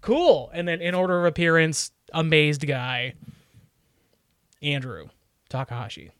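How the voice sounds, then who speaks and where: A young man in easy podcast conversation, voice sitting a touch high and recorded very dry and close. He rambles and jokes with plenty of restarts and fillers. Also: unhurried, fairly bright tone, clean tone, no echo. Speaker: podcast co-host. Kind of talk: casual chat.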